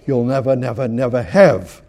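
A man preaching a sermon who teaches conversationally, repeats his phrases, and swings from loud emphasis to quiet asides. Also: mid-range voice, moderate pace, vocal fry.

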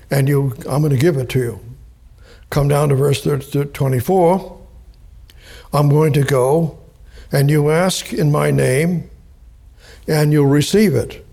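Gravelly-voiced man teaching scripture. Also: on the high side, a little mellow. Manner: slow and deliberate, spells out and repeats key words. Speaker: Bible teacher. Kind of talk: verse-by-verse Bible teaching.

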